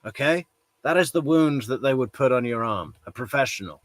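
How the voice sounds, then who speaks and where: A man hosting a true crime commentary, talking casually and haltingly, with laughs and frequent fillers. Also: medium pitch, animated, a little hiss or hum.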